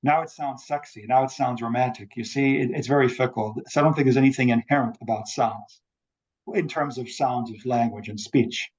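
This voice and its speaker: A man giving an academic talk over a video call, measured and explanatory. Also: mid-range voice, a little mellow, highs cut off. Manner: measured lecturing, quotes examples. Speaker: academic speaker. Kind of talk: online forum talk.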